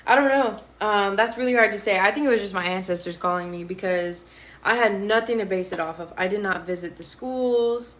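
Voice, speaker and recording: Lively young woman telling her story. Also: medium pitch, brisk. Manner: lively storyteller, slangy, acts out quotes. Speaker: interviewee, college student. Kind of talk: casual chat.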